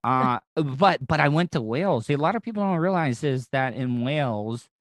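A man's voice: medium pitch, expressive, moderate pace, no echo. A man hosting a radio interview, chatting casually in a rambling, jokey way full of stammered restarts.

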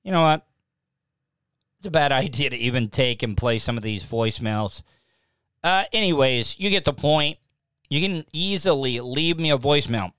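A man hosts a casual live-stream podcast from a home studio lit with lamps, recorded on a desk podcast mic with a mixing board. His medium-pitched voice is expressive, fairly bright, and clean with no echo, and he talks at normal speed with long pauses. He rambles, jokes at his own expense, and repeats himself often.

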